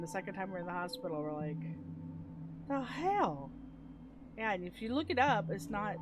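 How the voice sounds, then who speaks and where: A middle-aged woman telling family stories in casual chat on a livestream, lively and laughing as she acts out quotes. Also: fairly low pitch, noisy background. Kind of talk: casual storytelling.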